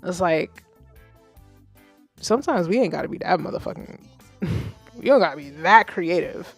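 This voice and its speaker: Blunt, animated woman host reviewing music. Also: lowish voice, normal speed, husky. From Haitian. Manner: blunt, animated, swears freely. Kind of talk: casual livestream commentary.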